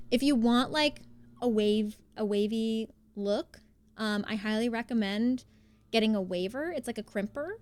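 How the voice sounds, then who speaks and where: A young woman chatting casually on a live stream, rambling with lots of fillers and restarts. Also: a little high. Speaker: livestreamer.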